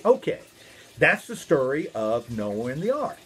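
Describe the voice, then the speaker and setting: Animated minister telling a children's story. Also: male voice, medium pitch, unhurried, breathy edge. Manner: playful and animated, asks the listeners questions.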